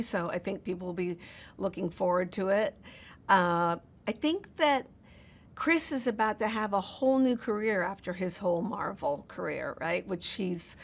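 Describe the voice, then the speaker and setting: Woman, film producer, casual and rambling, lots of fillers, mid pitch. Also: normal speed. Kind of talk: press junket interview.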